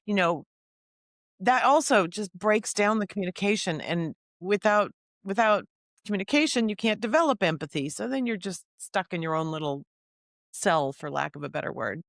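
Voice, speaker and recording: A woman's voice: medium pitch, animated, normal speed, fairly bright tone, dry recording, clean studio sound. A woman podcast host in casual interview chat, speaking thoughtfully and building on her guest's points.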